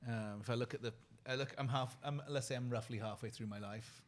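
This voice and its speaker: A soft-spoken British man in his forties gives a guest interview. He talks in an earnest, reflective way, often trailing off quietly. His pitch sits in an ordinary middle range. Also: fairly even intonation, fairly quick. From United Kingdom.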